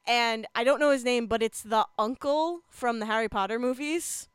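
A young woman chatting casually on a podcast, talkative and quick to laugh, with many fillers. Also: fairly high pitch, clean tone, dry recording. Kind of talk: casual chat about TV shows.

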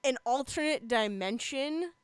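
A young woman chatting casually on a podcast, talkative and quick to laugh, with many fillers. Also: sits high, expressive, a little hiss or hum. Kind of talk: casual chat about TV shows.

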